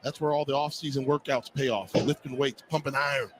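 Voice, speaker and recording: A man's voice: mid-range voice, fairly even intonation, brisk, background noise. A man giving color commentary on a football game, explaining plays with enthusiastic analysis. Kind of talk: sports commentary.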